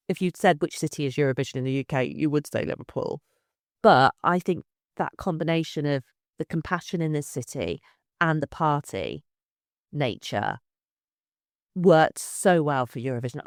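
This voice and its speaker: A woman director of culture being interviewed, talking in a lively way and often repeating words as she restarts her sentences. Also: low voice, no room sound, studio quality. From England. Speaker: city culture director, guest. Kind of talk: conversational interview.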